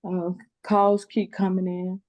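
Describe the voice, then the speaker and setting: A woman's voice: lowish voice, level tone, takes it slowly, darkish tone. An older woman, a grandmother, crying and pleading emotionally in a custody hearing over a phone video call, rambling and repeating herself. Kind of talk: pleading closing statement in court.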